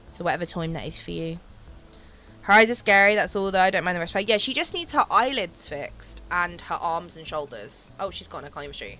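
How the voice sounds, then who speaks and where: A woman's voice: fairly low pitch, sharp tone, a little hiss or hum. A woman streaming a game, chatting casually with viewers, giggling often and filling her talk with "um" and "like.". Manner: chatty, giggly, many fillers like "um" and "like". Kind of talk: casual livestream chat while gaming.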